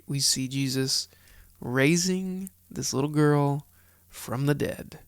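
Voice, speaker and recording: A man's voice: fairly high pitch, slow pace, clear, resonant tone, no room sound. A man hosting a podcast, reading scripture aloud in a casual Bible study with chatty, earnest asides. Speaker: podcast host.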